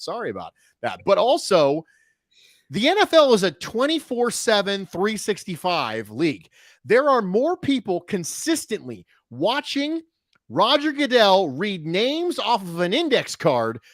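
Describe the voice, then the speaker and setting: A man hosts a casual sports podcast with a lively, slightly high voice that swings up and down. He talks in an animated way with quick jokey asides. The sound is close and dry. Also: dry recording. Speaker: show host.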